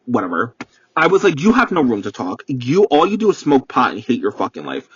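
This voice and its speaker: A man's voice: mid-range voice, huge pitch swings, a little fast, fairly bright tone, a little hiss or hum. A young man from New York hosting a solo podcast from his parked car, telling a story in a profane, rambling, dramatic way. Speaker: podcast host. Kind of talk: casual solo storytelling rant. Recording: dull, muffled sound.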